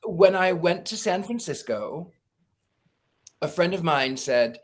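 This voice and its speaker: A man's voice: high voice, takes it slowly. A man, a psychic guest, telling stories in a casual interview and acting out the people he quotes. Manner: animated storyteller, acts out quoted voices, laughs.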